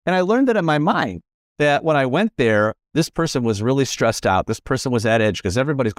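A man in a relaxed conversation, spinning personal anecdotes and slipping into other people's voices as he quotes them. His voice sits at an ordinary middle pitch. The recording is dry and close, with no room sound. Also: a little fast, dry recording. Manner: storytelling, animated quoting of others. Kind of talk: casual conversation.

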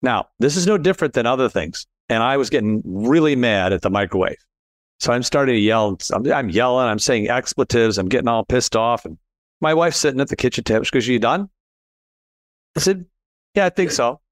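A man hosting a casual conversation, telling personal stories with animated quoted dialogue. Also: fairly quick, dry recording, clean studio sound. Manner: animated storyteller, rises in pitch acting out quotes.

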